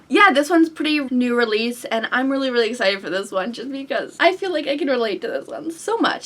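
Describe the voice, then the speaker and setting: A woman vlogging casually about books to the camera, gushing and excitable, often squealing with delight. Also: high-pitched. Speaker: book vlogger. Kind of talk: casual book chat to camera.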